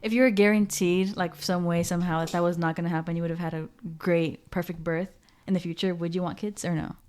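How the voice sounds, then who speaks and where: Fast-talking woman co-host. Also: on the low side, fairly even intonation, a little mellow, faint music behind. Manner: quick, chatty, reassuring. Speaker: podcast co-host. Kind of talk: casual podcast conversation.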